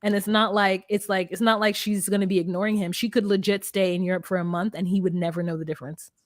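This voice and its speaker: A woman co-hosting a casual reality TV recap chat, animated and laughing as she acts out the cast's lines. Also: medium pitch, fast talker, dry recording, studio quality. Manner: animated, laughing, acting out cast members' lines. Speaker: podcast co-host.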